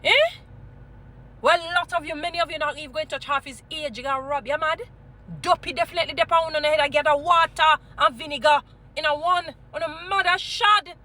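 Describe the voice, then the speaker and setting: A Jamaican woman vlogging, scolding and preaching in an animated mix of patois and English, weaving in Bible stories. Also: high-pitched, a little fast. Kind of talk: impassioned commentary with Bible stories.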